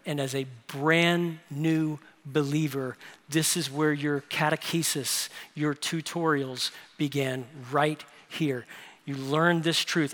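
A man's voice: a little high, unhurried, a bit bright. A man preaching a sermon as pastor, emphatic and building to raised intensity. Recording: long hall reverb.

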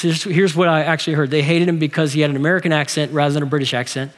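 A man's voice: fairly high pitch, steady tone, rapid-fire. A man in his forties, a pastor from Texas, preaching a sermon with humor and rhetorical questions to his congregation. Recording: long hall reverb.

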